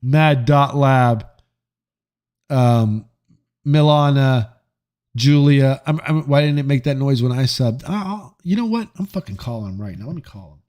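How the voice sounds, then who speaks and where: A man hosting a live stream, chatting casually with viewers in a joking, profane and animated way. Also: medium pitch, unhurried. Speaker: livestream host reading chat.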